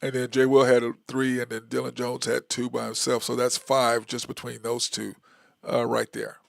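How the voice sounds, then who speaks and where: A man with a gravelly, fry-tinged voice talks his way through a sports opinion monologue as the show's host. He rambles, restarts and counts stats aloud in a loose, casual way. The sound is dry and close, with no room around it. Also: mid-range voice, monotone, normal speed, dry recording. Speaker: sports talk show host.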